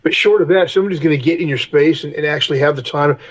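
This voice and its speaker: A man's voice: fairly high pitch, very fast, rough recording. A middle-aged man, a podcast guest, telling candid stories in a blunt, profane way and acting out heated confrontations. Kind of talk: candid storytelling interview.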